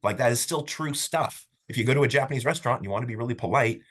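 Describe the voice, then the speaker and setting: A man teaching a college class, talking in an animated, storytelling way that often breaks off and restarts mid-sentence. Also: medium pitch, racing. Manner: animated, storytelling, self-interrupting. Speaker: college instructor. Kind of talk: classroom lecture.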